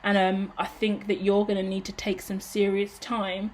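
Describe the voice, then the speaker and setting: A woman's voice: mid-range voice, completely flat delivery, moderate pace. A woman giving a tarot reading in a casual, emotional and effusive way, swearing now and then. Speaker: tarot reader.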